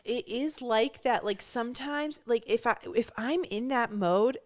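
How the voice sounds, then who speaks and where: A woman's voice: fairly high pitch, unhurried, darkish tone. A woman hosting a podcast in casual chat, speaking candidly and self-deprecatingly, laughing and swearing freely. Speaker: podcast host.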